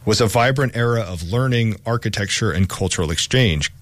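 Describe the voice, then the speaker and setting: A man's voice: on the low side, expressive, brisk, no room sound. A man co-hosting a history podcast, reading a script with casual asides. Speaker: podcast co-host.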